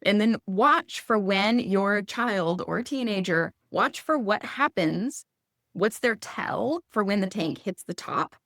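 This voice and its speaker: A woman's voice: slow pace, no room sound, clean studio sound. Chatty woman giving parenting advice. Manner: chatty, animated, acts out quotes in high voices. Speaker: guest speaker. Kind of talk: casual conversational advice.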